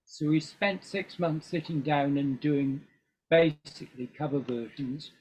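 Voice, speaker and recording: Older man, husky and rambling. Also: a little high, measured pace, a little mellow. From England. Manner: rambling, with frequent ums and restarts. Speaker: guest musician. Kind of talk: casual interview chat. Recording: dull lo-fi recording.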